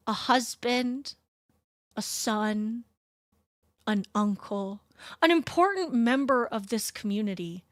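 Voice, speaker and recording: A woman's voice: a little high, fairly bright tone, no echo. Woman doing a ranting bigoted preacher. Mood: solemn.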